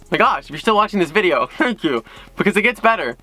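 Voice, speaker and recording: A man with a fairly high, sharply bright voice, recounting a maddening ordeal in a storytime vlog. He talks in an excitable rant, with sudden leaps upward when exasperated. The tone is forceful and tense. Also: fast, rough recording. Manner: excitable, frustrated retelling with sudden jumps in pitch. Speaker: YouTube creator.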